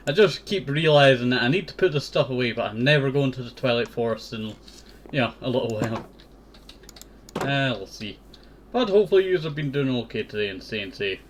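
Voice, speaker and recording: Young male let's-play host, thinks out loud while gaming, lively and varied delivery. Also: mid-range voice, slight background noise. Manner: rambling, thinks aloud while playing. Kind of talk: casual let's-play commentary.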